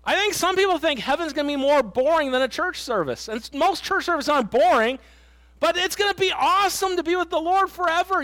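A man's voice: extremely high pitch, fairly quick, fairly bright tone, no echo. A middle-aged man preaching a sermon in a church, earnest and emphatic, telling stories and repeating his points. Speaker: pastor. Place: church sanctuary.

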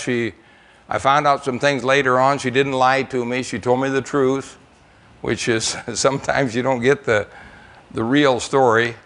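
Before a church congregation, an older American man shares missionary stories in a folksy, wandering manner, frequently using fillers and repeating himself. His voice is medium in pitch and a bit bright.

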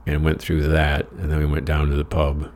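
A man's voice: extremely low pitch, completely flat delivery, moderate pace, a little mellow, slight background noise. An American man telling a rambling travel story in a wry, profane, self-mocking way. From United States. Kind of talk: casual personal storytelling.

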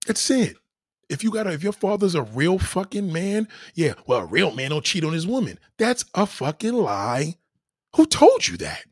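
A man's voice: fairly high pitch, fairly bright tone, breathy edge, no room sound, clean studio sound. A man hosting a live stream, answering his chat in a blunt, profane and boastful way. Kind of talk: casual live-stream monologue.

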